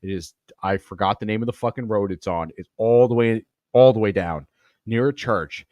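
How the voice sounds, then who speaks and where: Low-voiced man, swearing and rambling. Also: normal speed, no echo, lo-fi sound. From Long Island, New York. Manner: rambling, profane storytelling. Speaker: podcast host. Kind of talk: casual comedy podcast commentary.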